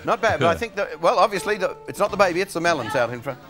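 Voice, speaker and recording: A man hosts a live TV variety show, breezily reading out viewer letters. His slightly high voice bounces up and down as he chuckles and makes playful asides. Music plays clearly in the background. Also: expressive, racing. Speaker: host. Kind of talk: casual studio banter, reading viewer letters.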